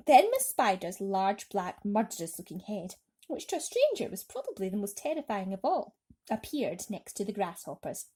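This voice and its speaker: A woman reading a children's bedtime story aloud in an expressive, breathy voice. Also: medium pitch, brisk.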